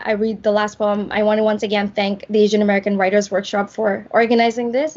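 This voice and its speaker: A woman poet giving a slow, measured poetry reading over a video call. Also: mid-range voice. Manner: slow, measured delivery with drawn-out lines. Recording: muffled video call audio.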